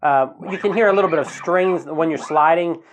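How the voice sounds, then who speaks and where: A man teaching a guitar strumming lesson in a relaxed, casual way, counting the beats slowly aloud. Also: fairly high pitch. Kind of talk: casual instructional talk. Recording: guitar playing in the background.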